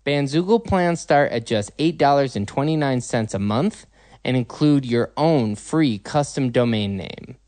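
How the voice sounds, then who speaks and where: A man hosting a podcast, reading an ad spot and interviewing a guest in an expressive, lively way. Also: mid-range voice, unhurried, no room sound. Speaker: podcast host.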